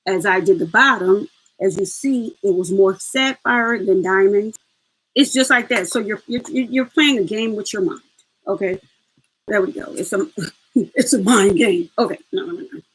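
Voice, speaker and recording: A woman's voice: mid-range voice, moderate pace, slightly rough, low-quality recording. A woman hosting a casual step-by-step craft tutorial, chatty and laughing as she talks to her viewers.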